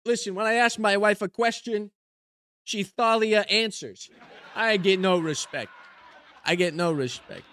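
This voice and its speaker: A man doing an impression of a nervous, self-mocking stand-up comedian who delivers quick one-liners and keeps complaining that nobody respects him. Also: high-pitched, a bit bright. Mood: hapless. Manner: self-deprecating one-liners with a recurring catchphrase. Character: nervous middle-aged male stand-up comic, self-mocking.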